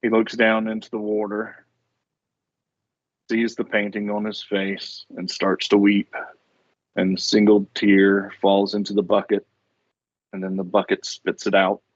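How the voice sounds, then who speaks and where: A man's voice: on the low side, completely flat delivery, unhurried, pauses often, dry recording, dull audio. A man playing a tabletop game, narrating his character's actions in a descriptive, theatrical way. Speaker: player.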